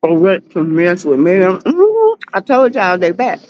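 Sassy Southern woman hosting a lively livestream. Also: on the low side, dull audio. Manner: sassy, greets chat by name, drawn-out exclamations. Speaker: livestream host. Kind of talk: casual livestream chat with viewers.

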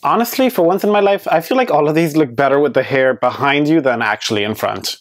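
A man's voice: a little high, fast talker. A man giving a casual, candid review on his vlog, chatty and hedging with many fillers, with playfully sassy asides. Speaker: beauty vlogger reviewing wigs. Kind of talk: casual product review chat.

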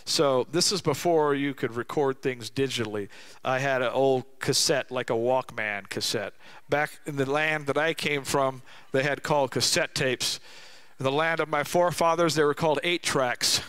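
A man's voice: mid-range voice, fairly bright tone, clear, resonant tone. Emphatic middle-aged man preaching. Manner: emphatic preaching, slows down to stress key lines. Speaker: guest speaker. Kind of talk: sermon. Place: church.

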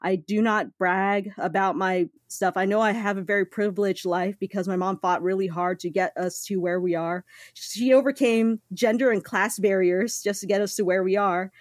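A woman's voice: medium pitch, moderate pace, hardly any pauses, no echo, clean studio sound. A woman in casual podcast chat, talking earnestly and acting out lines from the story she discusses. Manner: earnest, animated, acts out quotes. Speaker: manga podcast co-host.

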